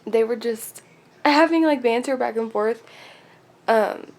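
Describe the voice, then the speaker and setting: A woman's voice: fairly high pitch, a little slow, a little mellow. A young woman chatting casually about a novel she is reading, giggling often and filling her talk with "like". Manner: giggly, gushing, lots of filler likes. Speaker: book vlogger. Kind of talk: casual chat retelling a book.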